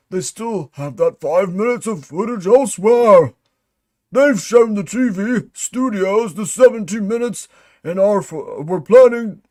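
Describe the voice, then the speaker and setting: A man's voice: high-pitched, a little mellow. A man voicing a male employee number fifty-three, a conspiracy-minded agent giving a theatrical, urgent report. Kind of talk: dramatic reading of a mystery log.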